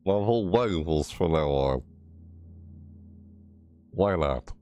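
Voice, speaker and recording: A man's voice: lively intonation, slow pace, dark tone. A man casually rambling through a game overview and reaction, mumbling and restarting phrases as he corrects himself. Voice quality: low mumbling delivery. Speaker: gaming video creator.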